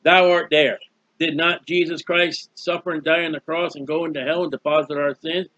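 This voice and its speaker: A man's voice: a little high, little pitch movement, brisk, pushed and bright, no echo, highs cut off. A man preaching a Bible teaching sermon in a folksy, emphatic way, asking questions and answering them himself.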